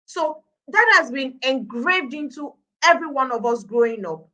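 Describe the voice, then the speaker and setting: A woman's voice: high-pitched, expressive, normal speed, bright, forceful tone, poor audio. A middle-aged woman with a Nigerian accent, speaking as a guest on a live-stream talk show about parenting, stressing her points with repetition. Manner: emphatic, repeating points for stress.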